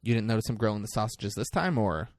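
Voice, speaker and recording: A man co-hosting a podcast, casually retelling a film's scenes with animated delivery. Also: lowish voice, fast, no echo, studio quality. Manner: animated retelling with lively acted-out quotes. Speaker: podcast co-host recapping a film. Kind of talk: casual chat.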